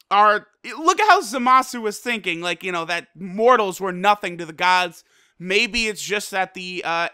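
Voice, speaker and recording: A man gives a casual video review in an unusually bright, sharp voice that sits high for a man. He talks in an animated, slangy way, swears freely and packs his sentences with fillers. His tone stays clear and smooth throughout. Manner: frequent fillers like "like" and "you know". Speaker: anime episode reviewer.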